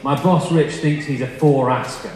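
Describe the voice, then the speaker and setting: A man's voice: mid-range voice, moderate pace. Chatty male preacher in an echoey hall. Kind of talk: storytelling sermon. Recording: echoey hall with long reverb, faint noise.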